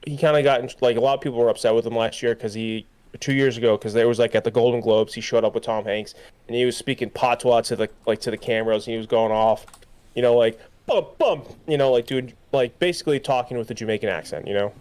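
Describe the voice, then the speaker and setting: A man's voice: mid-range voice, fairly even intonation, quick pace, a little mellow, clear, resonant tone. A young man co-hosting a podcast, talking in a loose, rambling way with many fillers and restarts. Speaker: podcast co-host. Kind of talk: casual chat.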